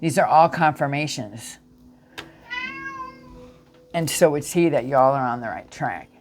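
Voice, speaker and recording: A woman's voice: extremely low pitch, lively intonation, a little slow, a little hiss or hum. Earnest woman giving a tarot reading. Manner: earnest, emphatic, with frequent restarts and self-corrections. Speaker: tarot reader. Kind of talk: casual spiritual tarot reading to viewers.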